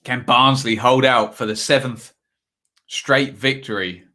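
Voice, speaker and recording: A man's voice: mid-range voice, fairly even intonation, unhurried, sharp tone. A man hosting a live football watchalong stream, chatting casually and reading out viewer comments between match updates.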